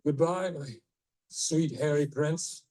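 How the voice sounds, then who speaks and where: An actor playing a pompous, self-pitying male newsman in a film comedy scene, speaking with a dark, mellow voice and melodramatic, questioning tone. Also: on the high side, fairly even intonation, slow, low-quality recording. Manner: melodramatic, ends statements like questions.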